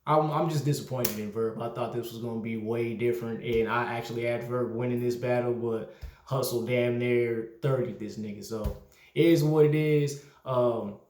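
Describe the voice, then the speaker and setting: A man's voice: medium pitch, steady tone, moderate pace, a little mellow. A man hosting a casual battle rap recap, rambling with lots of fillers and exasperated asides. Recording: echoey room.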